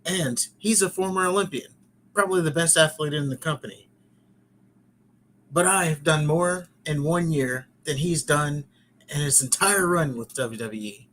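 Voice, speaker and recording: A man's voice: a little high, moderate pace, a bit bright, a little hiss or hum, natural voice. A man putting on the voice of an arrogant male European wrestling champion, clipped and dismissive. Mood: boastful.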